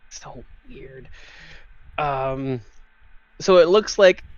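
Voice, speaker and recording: A man's voice: fairly high pitch, extremely slow, clean tone, no room sound. A man playing a tabletop game, talking nervously and hesitantly and laughing often. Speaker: player. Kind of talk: casual tabletop game play. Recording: dry, dull lo-fi sound.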